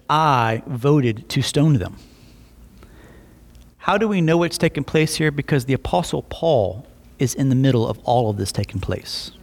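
A young adult man preaching a sermon, telling stories with lively voiced asides. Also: fairly high pitch. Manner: animated storytelling with voiced asides. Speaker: pastor.

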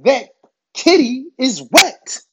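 A man's voice: very high voice, very animated, slow, husky, pitched above the performer's own voice, exaggerated voice. Man quoting a bold seductive woman. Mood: coaxing. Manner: suggestive, coaxing.

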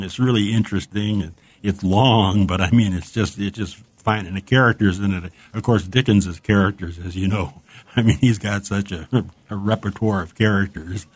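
Man, lowish voice, chatty book talk, rambling, enthusiastic. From United States. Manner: chatty, rambling, enthusiastic, reads passages aloud. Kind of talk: casual chat about books.

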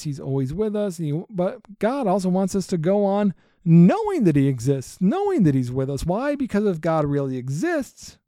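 A man's voice: fairly high pitch, mellow, dry recording, studio quality. A man hosting a Bible-based podcast, talking in an earnest, preaching way and repeating phrases for emphasis. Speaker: podcast host.

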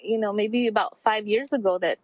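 A woman in her forties talks openly as a guest in an interview. Her mid-pitched voice is heartfelt and reflective, with frequent pauses and fillers. The sound is dry and close, with no room echo. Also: fairly even intonation. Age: 40s. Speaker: podcast guest. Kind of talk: candid personal interview.

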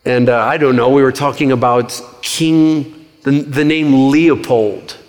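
A male pastor preaching a sermon in a conversational, animated way, with quick asides and stories. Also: medium pitch. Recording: reverberant hall.

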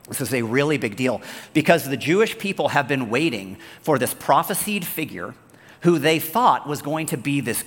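A man preaching a sermon as pastor, talking in an animated, conversational way and telling stories. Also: mid-range voice, in a large hall. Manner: animated, conversational, storytelling, acts out the characters.

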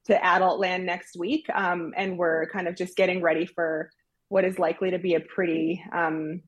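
A woman's voice: lowish voice, level tone, moderate pace, husky. A woman doctor answering interview questions in an earnest, explanatory way with fillers. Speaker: doctor guest.

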